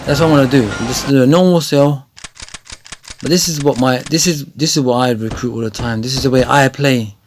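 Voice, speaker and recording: A man giving chatty, rambling gameplay tutorial commentary that often turns excited. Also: medium pitch, fairly quick, a little hiss or hum. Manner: chatty, rambling with many fillers, grows excited. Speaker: gaming video creator.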